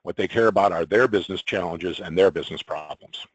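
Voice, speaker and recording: Low-voiced man giving a sales presentation. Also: no room sound, poor audio. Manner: measured, explanatory, with occasional ums and throat-clearing. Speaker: sales and marketing consultant presenting. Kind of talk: business presentation.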